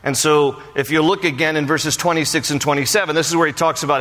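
A pastor with a slightly high, bright voice talks quickly and steadily with few pauses, leading a Bible study in a church. His sermon includes scripture reading and prayer, delivered with earnest, conversational explanation and light asides, and long hall reverb surrounds the recording.

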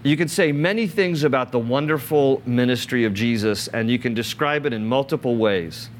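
A man delivers a sermon in an earnest, conversational manner. He reads scripture aloud and then stops to explain it in his own words, with a voice of ordinary pitch for a man. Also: moderate pace, a little hiss or hum. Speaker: pastor.

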